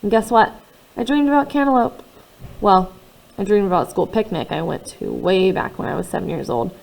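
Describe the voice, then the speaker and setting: Female reader, first-person novel, expressive delivery that swings between hushed and loud. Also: mid-range voice, moderate pace, vocal fry, low-quality recording. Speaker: audiobook reader.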